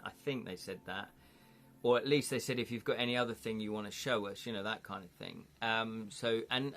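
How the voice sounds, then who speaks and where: A man's voice: medium pitch, pushed and bright. A man hosting a casual livestream, chatting in a rambling, loose way and correcting himself as he goes. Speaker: host storyteller.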